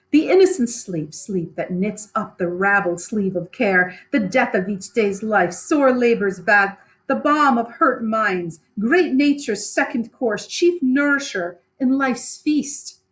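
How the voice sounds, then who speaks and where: A woman's voice: on the high side, expressive, unhurried, fairly bright tone. A woman voicing a shaken, guilt-ridden nobleman who rambles in shock, in a raised, strained reading. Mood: haunted.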